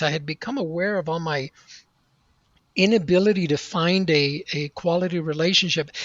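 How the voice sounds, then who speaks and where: A man's voice: high voice, no echo. Earnest middle-aged man telling his story. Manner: earnest, animated storytelling with reenacted outbursts. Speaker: podcast guest. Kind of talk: storytelling interview answer. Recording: dry, slightly dull audio.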